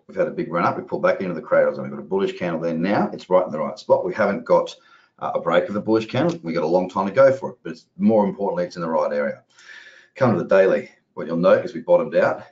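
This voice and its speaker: Deep-voiced man, rambling market talk. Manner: rambling, chatty, casually profane. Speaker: trading educator. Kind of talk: casual live market commentary. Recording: roomy, dull lo-fi audio.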